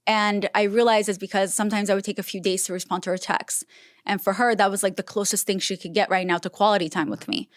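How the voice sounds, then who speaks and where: A woman's voice: medium pitch, steady tone, fast talker, no echo, clean studio sound. A young adult woman, a podcast guest, telling personal stories in casual chat and acting out the dialogue. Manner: storytelling, acting out quoted dialogue.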